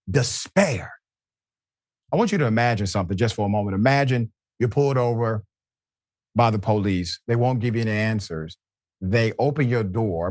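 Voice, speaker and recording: A man's voice: mid-range voice, no echo, studio quality. Emphatic man hosting news commentary. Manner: dramatic, emphatic delivery with pauses. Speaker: news commentary show host.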